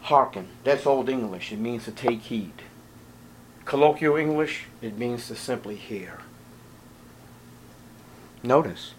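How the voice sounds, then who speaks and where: A man preaching a sermon, reading scripture in old-fashioned wording and pleading with his listeners, his voice dropping to a hush and then rising to ringing emphasis. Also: medium pitch, unhurried, slight background noise. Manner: swings from hushed to ringing emphasis; pleading, urgent appeals to listeners.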